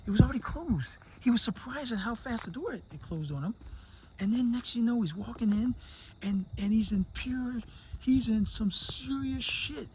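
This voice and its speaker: A man's voice: very high-pitched, animated, normal speed, darkish tone, slight background noise. A man casually telling a long joke to camera, acting out the characters in raised voices. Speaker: vlogger living abroad.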